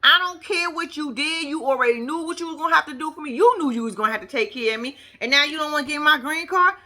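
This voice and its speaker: A woman quoting a blunt, demanding male reality-show groom in a flat, dismissive, insistent way. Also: high-pitched, fast, pitched above the performer's own voice.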